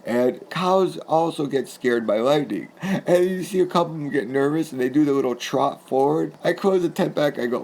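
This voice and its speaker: Gravelly man from New England, chatty. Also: a little high, normal speed, darkish tone. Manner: chatty, rambling, laughs while telling. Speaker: storyteller. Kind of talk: casual spoken anecdote.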